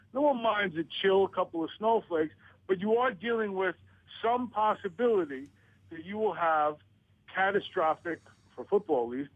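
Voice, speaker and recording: A man's voice: high-pitched, dry recording, narrow, tinny audio. A man on a radio talk show who stammers through restarts and rants about his complaints. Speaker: author guest.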